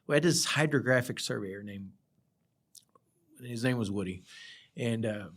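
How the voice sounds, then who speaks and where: A man's voice: medium pitch, a little slow. A middle-aged man, a project surveyor, telling rambling work stories in a casual chat, laughing often. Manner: laid-back rambling storyteller, laughs often. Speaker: project surveyor, podcast guest.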